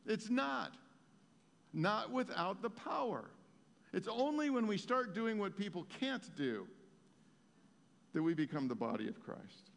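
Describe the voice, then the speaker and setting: Male pastor, slightly high voice, conversational storytelling sermon in a reverberant hall. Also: big pitch swings, a little slow, vocal fry, pauses often. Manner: storytelling, conversational with many fillers and restarts.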